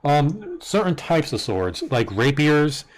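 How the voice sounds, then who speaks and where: A man running a tabletop game as its master, patiently explaining character rules with halting restarts over a home voice-chat mic. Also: fairly high pitch, sing-song. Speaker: dungeon master. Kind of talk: casual game-setup chat on a live stream.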